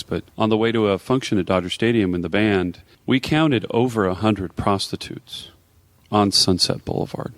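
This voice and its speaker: A middle-aged man with a somewhat low voice talks in a relaxed, chatty way as a podcast co-host. His sound is dry and close to the mic. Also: dry recording. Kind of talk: casual chat.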